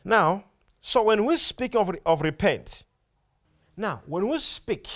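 This sermon comes from a man with a high voice who takes a slow pace. He is emphatic and repetitive, echoing words and phrases, and keeps stopping to ask his listeners questions, his tone rising and falling animatedly.

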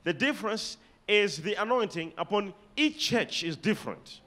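A Malawian man delivers a sermon with a bright, forceful voice that sits high. His delivery swings widely in pitch and loudness. He reads scripture slowly and has the congregation repeat and underline key words. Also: animated. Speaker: preacher.

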